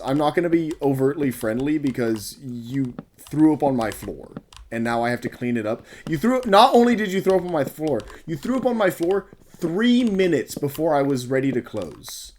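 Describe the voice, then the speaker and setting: A man's voice: a little high, a little hiss or hum. A young man telling a casual story about his store job in an exasperated, profane, rambling way.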